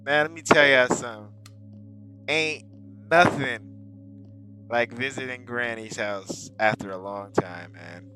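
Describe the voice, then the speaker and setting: A man joking and yelling through a horror game playthrough with casual commentary. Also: medium pitch, unhurried, over music. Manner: joking, with loud outbursts. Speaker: game player. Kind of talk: let's play commentary.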